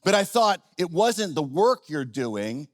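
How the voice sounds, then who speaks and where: A middle-aged man preaching a sermon in a relaxed, conversational way, often restarting his sentences and poking fun at himself. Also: a little high, measured pace. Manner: conversational, self-deprecating, with frequent restarts. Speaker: pastor. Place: church auditorium.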